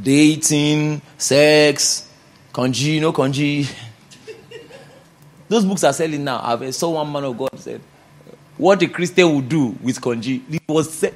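Emphatic high-voiced pastor preaching. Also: male voice. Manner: emphatic, repeats key phrases, rises loud for scripture readings. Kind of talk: sermon.

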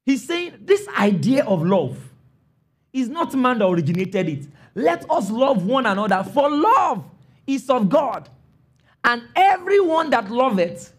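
High, lively preacher man. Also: slightly rough. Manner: emphatic, calls for congregation responses; rises to shouts on key phrases. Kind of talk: sermon.

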